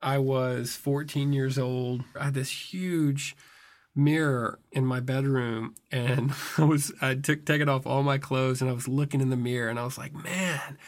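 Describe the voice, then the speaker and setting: A man's voice: mid-range voice, fairly even intonation, moderate pace. A man in his thirties telling a personal story in a wry, self-mocking, conversational way. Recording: music heard behind the voice. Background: music.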